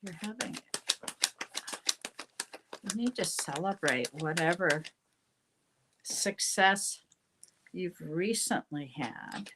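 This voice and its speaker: A woman's voice: lowish voice, animated, slow, long pauses, noisy background. An older woman hosting a casual live tarot reading, chatty and rambling, often breaking off mid-sentence. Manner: chatty, rambling, self-interrupting. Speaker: tarot reader, show host.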